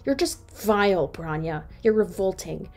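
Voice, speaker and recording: A woman's voice: on the low side, lively intonation, a little slow, darkish tone, faint music behind. A woman voicing a bitter, angry young male troll who swears and snarls, in a read-aloud fan story. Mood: angry, scornful. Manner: snarling, swearing, cold laughter.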